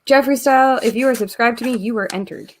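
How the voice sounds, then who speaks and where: A woman's voice: a little high, fast talker, a little hiss or hum. A Canadian woman hosting a live stream, chatting casually and reading viewer comments aloud as she works. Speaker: host of a live giveaway stream.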